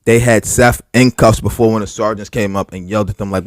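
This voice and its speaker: A man on a podcast retells a rough night at length, full of "like" and restarts and a lot of swearing. His voice sits on the low side, and the sound is close and dry, with no room around it. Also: brisk, dry recording. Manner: heavy filler words, profane, animated retelling. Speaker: podcast co-host. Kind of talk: casual storytelling.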